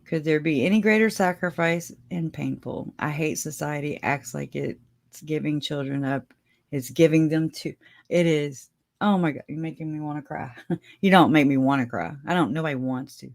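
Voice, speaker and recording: A woman's voice: deep voice, moderate pace, vocal fry. A woman hosting a casual livestream, chatting with her viewers and laughing often as she talks. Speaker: livestream host.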